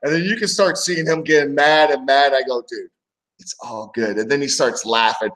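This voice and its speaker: A former wrestler co-hosting a casual wrestling talk show recounts a story from his wrestling days, acting out the voices of the people in it. His voice is on the high side and fairly quick, an animated storyteller's, and the recording is rough.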